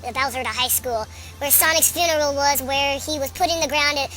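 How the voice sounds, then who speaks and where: High sarcastic young reader over music. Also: a little fast, pushed and bright. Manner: sarcastic, laughs at the text, exasperated asides. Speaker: storyteller reading a fan story aloud. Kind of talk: mocking read-aloud with commentary. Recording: background music.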